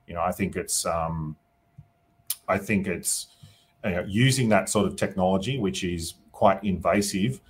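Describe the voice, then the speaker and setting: Australian politician guest, deep husky voice, loose conversational answers with lots of "you know" asides. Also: male voice, a little slow. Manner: thinking aloud, often adds "you know" and "right?". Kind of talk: casual interview answers.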